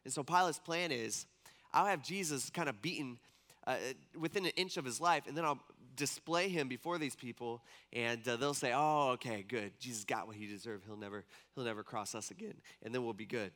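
A man preaching a sermon as a casual, animated story, acting out the quotes of the people in it. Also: mid-range voice, moderate pace.

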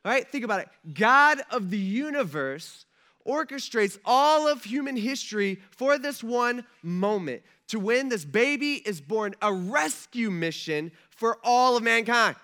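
A man preaching a sermon in a casual, animated way, full of "like" and "man". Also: extremely high pitch, unhurried. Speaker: pastor.

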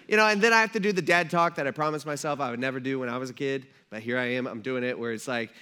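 A man in his thirties preaching a sermon from a church stage, telling stories in an animated, conversational way with lots of asides. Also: fairly high pitch, quick pace, few pauses, clear, resonant tone. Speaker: pastor.

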